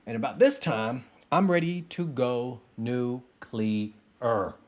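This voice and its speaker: A man in his thirties telling a casual personal story to his listeners, animated and playing out his own inner voice. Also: mid-range voice, takes it slowly. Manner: animated, acts out sounds and inner voice. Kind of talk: casual anecdote told to listeners.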